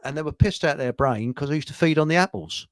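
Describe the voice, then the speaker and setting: A man's voice: on the high side, quick pace, no echo. A man hosting a casual online chat show, rambling, telling jokes and laughing at them. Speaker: show host.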